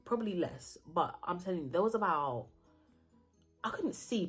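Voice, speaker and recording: A young woman tells a casual storytime story in her vlog. She is animated, acts out the voices of the people in it and laughs often. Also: lowish voice. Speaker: vlogger.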